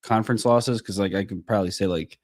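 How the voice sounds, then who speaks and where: A man's voice: lowish voice, fairly even intonation, fast talker, darkish tone, no echo, studio quality. A man co-hosting a sports podcast in casual chat, blunt and enthusiastic, swearing casually. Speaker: podcast co-host.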